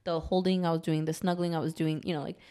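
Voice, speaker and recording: A woman in her thirties co-hosting a podcast in casual chat, candid and quick to laugh, often checking in with "right?". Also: low voice, flat delivery, mellow, smooth. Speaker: podcast co-host.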